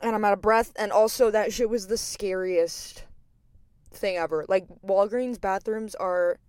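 Young woman podcast host, rambling, profane, filler-heavy talk, mid pitch, dry close sound. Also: measured pace, smooth, no room sound. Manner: expressive storyteller. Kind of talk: casual monologue.

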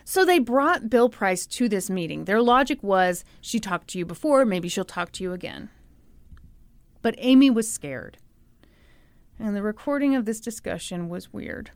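A woman co-hosting a podcast tells a true crime story in a casual, sarcastic way, acting out the people she quotes and laughing as she does. Her mid-range voice is animated and moves at a moderate pace, with no echo.

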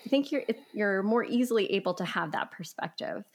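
A woman's voice: mid-range voice, expressive, fairly quick. Affirming woman podcast host. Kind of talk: casual interview chat.

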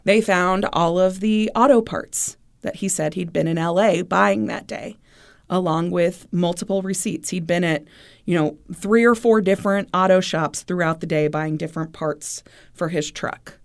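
A woman co-hosting a podcast, telling a true crime story in a casual, animated way and acting out what people said. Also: fairly low pitch, moderate pace. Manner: animated retelling, acting out quotes. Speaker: podcast co-host.

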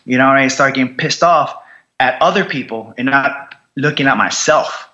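In a lo-fi recording, a veteran guest with a medium-pitched, sharp voice describes his recovery from war at a moderate pace. He speaks bluntly, cursing constantly and repeating phrases to drive his points home.

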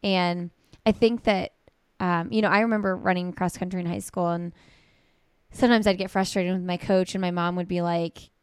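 Female podcast host, smooth clear voice, dry close sound, chatty and affirming. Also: on the low side, fairly even intonation, normal speed, no room sound. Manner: conversational, affirming. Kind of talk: casual interview chat.

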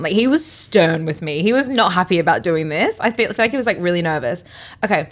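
A young Australian woman co-hosting a podcast, telling a story in casual chat and acting out quotes with big leaps in pitch and frequent laughs. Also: fairly quick. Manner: animated, acts out quotes with big jumps in pitch, laughs often. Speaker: podcast co-host.

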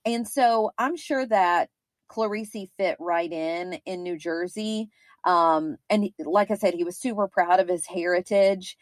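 A woman in her thirties with a Kentucky accent talks through a case in a casual, rambling podcast style, with plenty of fillers. Her voice sits a little low. The sound is dry and close. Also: measured pace, no echo. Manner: chatty, rambling, with frequent fillers. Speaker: podcast co-host. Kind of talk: casual true-crime podcast chat.

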